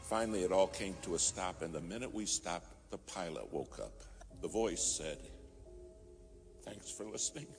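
A man's voice: low voice, expressive, moderate pace. A man preaching a sermon, telling a story and rising to fervent emphasis. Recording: music playing behind.

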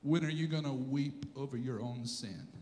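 A man preaching a sermon as pastor, animated, shouting and acting out quotes, now and then laughing at himself. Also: mid-range voice, moderate pace, long reverb tail. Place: church sanctuary.

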